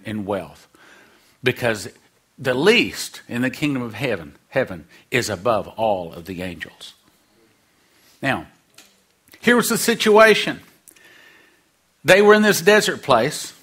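A man's voice: a little high, bright, forceful tone. A man preaching a sermon, acting out quoted voices and dropping humorous asides.

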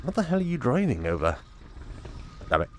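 A man's voice: medium pitch, wildly swooping pitch, brisk, background noise. A man playing a VR game, joking and muttering to himself as he goes. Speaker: gaming YouTuber.

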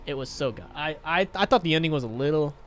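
A man's voice: on the high side, quick pace, a little hiss or hum. A young man chatting on a gaming livestream, rambling and swearing as he retells a sad film and reads out chat donations. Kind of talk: casual live-stream chat.

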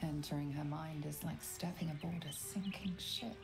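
A woman delivering scripted video game narration in a grave, measured way. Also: low-pitched, steady tone, creaky. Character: grave female storyteller narrator. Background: game music.

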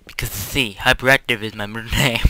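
A man's voice: medium pitch, fairly even intonation, a little fast, sharp tone. A young man hosting his own gaming channel, chatting casually over gameplay in a hyperactive, silly, rambling way.

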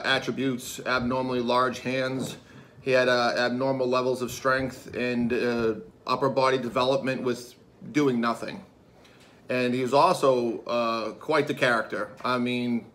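A man spinning a rowdy anecdote straight to the listener. His delivery is loose and animated, and his words are crude. His voice sits in an ordinary middle register. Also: mid-range voice. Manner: animated, crude, laughing as he tells it. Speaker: storyteller. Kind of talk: casual storytelling.

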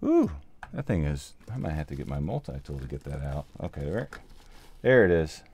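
With a rumbling low, slightly mellow voice and a breathy edge, this man sounds very animated at a moderate pace. A sound mixer and livestream host, he's a little out of breath as he chats casually, builds gear, answers viewers, and says um often.

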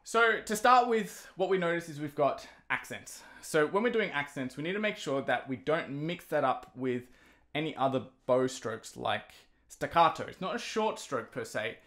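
During a violin lesson, a man patiently explains each step between the passages he plays, with violin playing in the background. His voice sits on the high side, fairly bright, with lively intonation and a normal speed.

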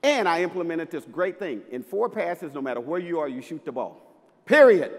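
A man from Mississippi, a basketball coach giving a punchy, playful talk on stage with bursts of loud emphasis. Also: fairly high pitch, big pitch swings, normal speed, big-room sound. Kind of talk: live inspirational stage talk. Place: large festival venue with audience.

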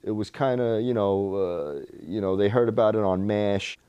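A man from Staten Island, telling a story about himself in a relaxed, chatty way as an interviewee. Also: lowish voice, normal speed, smooth, dull audio. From Staten Island, New York. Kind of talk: casual storytelling.

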